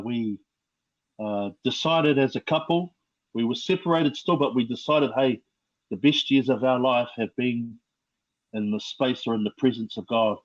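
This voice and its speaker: A middle-aged man with a New Zealand accent, telling his life story as a podcast guest in a slow, reflective way with many fillers. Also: medium pitch, muffled recording. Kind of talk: personal testimony.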